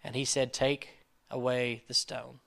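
A man's voice: mid-range voice, level tone, measured pace, vocal fry, a bit bright. A man preaching a sermon in a casual, conversational way, reading scripture and acting out what people in it might say. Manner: casual preaching with fillers, acts out quoted speech. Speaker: pastor.

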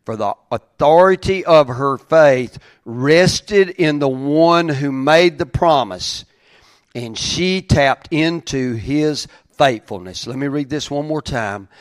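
A man preaching a sermon, moving from quiet reflective reading to raised, emphatic preaching. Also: a little high, slow pace, no room sound. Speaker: pastor.

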